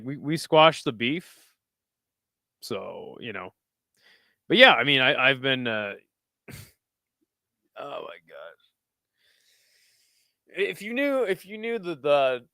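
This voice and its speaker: A man's voice: mid-range voice, clear, resonant tone, dry recording. A young man streaming live fight commentary, chatting casually with his viewers and whooping at big moments. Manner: excitable, shouts and whoops at big moments, chatty asides to chat.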